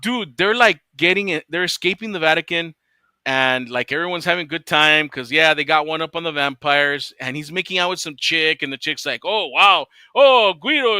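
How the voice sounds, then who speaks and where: A man's voice: a little high, bright, forceful tone, smooth, no room sound. A man hosting a casual chat, ranting with lots of swearing and laughing often. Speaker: podcast host.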